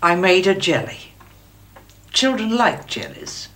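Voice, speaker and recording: Brief: a prim TV-drama aunt, cheery and dismissive, her pitch swooping widely. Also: huge pitch swings, slow pace, a bit bright, heavily acted. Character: fussy, prim older woman, an aunt who brushes off bad news. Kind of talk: television drama acting.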